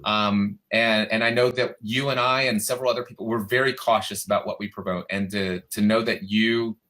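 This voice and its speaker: A man's voice: lowish voice, steady tone, fairly quick, pushed and bright. A man appearing as a guest on an online show, promoting an event and speaking in an earnest, heartfelt way. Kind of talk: promotional pitch and chat.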